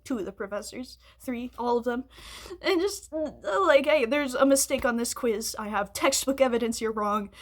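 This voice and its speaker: Young woman ranting to camera, high voice, swears a lot, rambly. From United States. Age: early 20s. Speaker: vlogger. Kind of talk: casual venting monologue.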